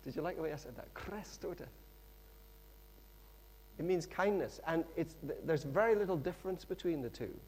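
A middle-aged man preaching a sermon in a lively, conversational storytelling manner with frequent asides. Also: on the high side, fast, few pauses.

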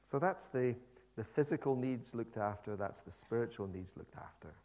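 A man preaches a sermon in a relaxed, conversational way, retelling a scripture story with lively asides. He often restarts a phrase before going on. His voice sits at an ordinary middle pitch. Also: moderate pace.

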